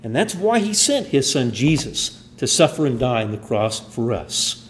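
A man preaching a sermon in a church, earnest, building emphasis then falling to quiet endings. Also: mid-range voice, sing-song, moderate pace, slight background noise.

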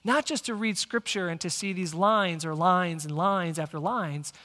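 Man, high voice, bright tone, lively sermon, long church reverb. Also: normal speed. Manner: energetic, engaging the congregation directly. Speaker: pastor. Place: church sanctuary.

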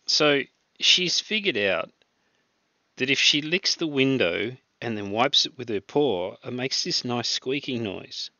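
A man chatting as a regular guest, telling stories in an animated way and acting out the sounds. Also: mid-range voice, a little slow, dry recording, dull audio. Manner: animated storyteller, acts out sounds and laughs. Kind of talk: casual chat.

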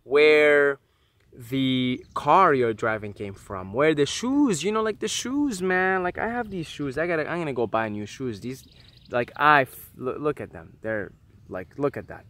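A young man muses aloud in a casual monologue, his voice bright and a touch higher than most men's. He swears freely and restarts his sentences often. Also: measured pace. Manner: animated, swearing, musing aloud with many restarts. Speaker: vlogger.

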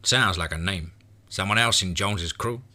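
A man voicing a gruff, profane frontier lawman in a horror story reading. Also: deep voice, moderate pace, bright, forceful tone. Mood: grim. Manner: blunt and cursing. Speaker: frontier marshal. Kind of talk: voiced character in horror narration.

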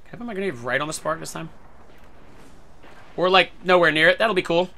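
A man giving excitable gameplay commentary who swears a lot and breaks into sudden shouts. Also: fairly high pitch, brisk, gravelly. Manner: talks to himself and his teammates. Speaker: gaming video creator.

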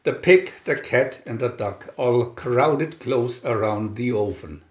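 A man reading a children's storybook aloud in a lively storytelling manner. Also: mid-range voice, slow pace. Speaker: storybook reader. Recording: roomy, dull lo-fi home recording.

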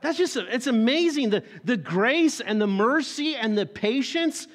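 A male pastor preaching a sermon with a fairly high-pitched voice. He tells the story vividly and slips into the characters' voices as he goes. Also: unhurried. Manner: animated storytelling, acts out characters.

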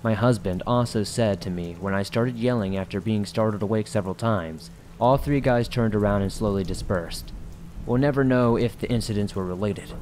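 A low-voiced man narrates horror stories for his podcast, reading in a casual, conversational way. Faint rain patters in the background. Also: moderate pace, darkish tone, a little hiss or hum. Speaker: horror story podcast host. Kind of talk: scripted horror story narration.

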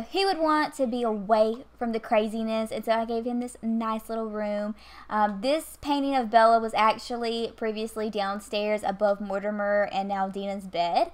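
A woman, chatting casually while playing a life-sim game into a desk mic, scolding the characters with exasperated asides. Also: mid-range voice. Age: 20s. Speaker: gaming YouTuber. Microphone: USB desk mic.

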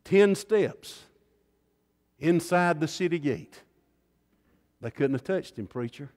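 A man preaching a revival sermon, swinging dramatically between hushed tones and loud cries. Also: on the high side, animated, slow pace. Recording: long reverb in a large hall.

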